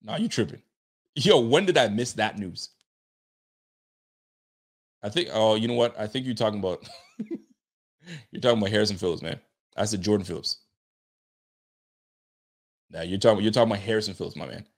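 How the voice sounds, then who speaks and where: A man hosting a casual sports talk show, speaking in an animated, slang-heavy way, answering chat comments and riffing on the roster. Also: lowish voice, fairly quick, long pauses. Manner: animated, slangy, talks straight to listeners. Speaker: sports podcast host.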